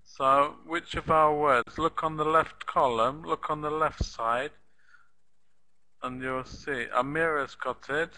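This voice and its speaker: A man teaching an elementary English lesson online, speaking slowly and patiently, repeating words and spelling them out letter by letter. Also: fairly high pitch, steady tone, bright, forceful tone, poor audio.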